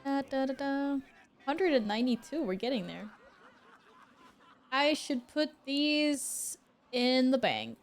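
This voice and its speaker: A woman's voice: high voice, sing-song, takes it slowly, pauses often, faint music behind. A woman streaming a game, chatting casually with her viewers, laughing often and swearing now and then. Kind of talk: casual gameplay commentary.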